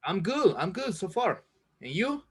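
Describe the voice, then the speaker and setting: Man, English teacher on a video call, slow encouraging delivery, fairly high voice. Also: big pitch swings. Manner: slow, encouraging, repeats words for learners. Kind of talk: online class teaching.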